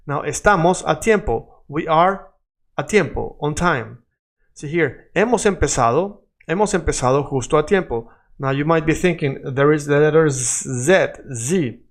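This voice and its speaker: A man teaching an online lesson, explaining in English and repeating phrases over and over for the learner. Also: fairly high pitch. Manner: switches between English explanation and Spanish examples. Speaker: Spanish teacher.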